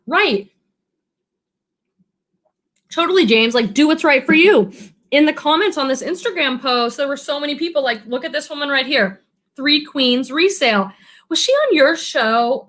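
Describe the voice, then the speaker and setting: A woman's voice: high-pitched, a bit bright. A woman who resells thrifted goods online, chatting casually on a livestream and reading viewer comments aloud.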